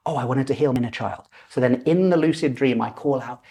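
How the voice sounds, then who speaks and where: A man's voice: mid-range voice, fast, creaky, warm tone, slightly rough. A man in his forties, a podcast guest telling a personal story animatedly and acting out the voices in it. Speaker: podcast guest, lucid dreaming teacher.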